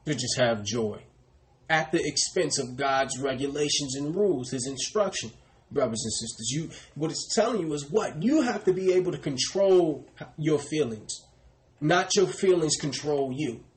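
A preacher delivering a sermon in a fairly high male voice. He poses questions and answers them himself, and he keeps ending phrases with "brothers and sisters" in a lower, softer voice. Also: animated, moderate pace. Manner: repeats "brothers and sisters" with falling, quieter tags; asks and answers his own questions. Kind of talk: sermon teaching.

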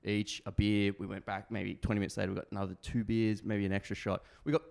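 A man's voice: lowish voice, flat delivery, fast talker, vocal fry, a little mellow. An Australian man in his thirties telling a rambling story in casual chat, laughing and swearing freely.

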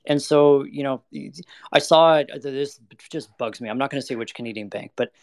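A man's voice: medium pitch, a little mellow, no room sound. Guy talking straight about stocks, lots of like and you know, dead dry room. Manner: blunt, fast, peppered with "like" and "you know". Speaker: energy investment manager guest. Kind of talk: candid interview talk.

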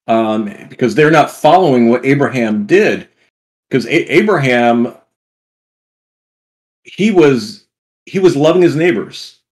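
Halting man discussing scripture. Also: medium pitch, darkish tone. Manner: halting, many restarts and fillers. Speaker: podcast co-host.

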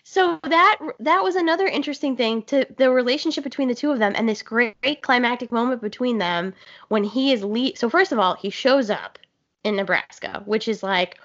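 A woman's voice: a little high, fairly quick, a bit bright. A woman in casual movie talk, blunt, profane and enthusiastic as she gushes over scenes. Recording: dull lo-fi sound.

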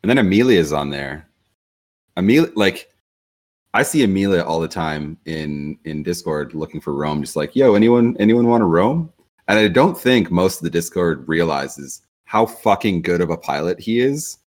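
A man's voice: low voice, normal speed. A man hosting a casual podcast chat, rambling loosely with lots of fillers. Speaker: podcast host.

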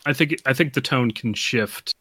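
Bright-voiced man, dry close sound. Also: medium pitch, moderate pace, dry recording. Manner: rambling, laughs often. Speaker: game designer guest. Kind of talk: casual chat.

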